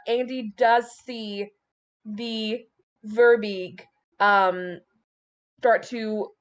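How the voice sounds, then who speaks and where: A woman narrating a tabletop game as game master, casual and full of fillers. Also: medium pitch.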